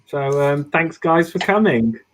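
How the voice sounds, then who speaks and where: A young man hosting an online comedy showcase for the first time, thanking the acts in a hesitant, halting way. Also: on the high side, animated, a bit bright. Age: young adult. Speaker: show host, first-time MC. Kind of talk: casual sign-off.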